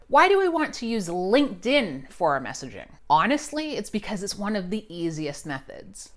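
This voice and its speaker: A woman's voice: medium pitch, fairly bright tone. A woman who writes resumes and coaches job seekers, giving a scripted video lesson in an upbeat, emphatic, punchy way.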